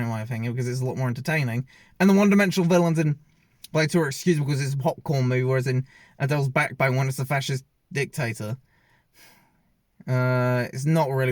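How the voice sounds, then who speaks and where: A mid-range male voice carries this casual, opinionated film review, recorded on a self-filmed camera with no room sound. The man rambles and often corrects himself mid-sentence.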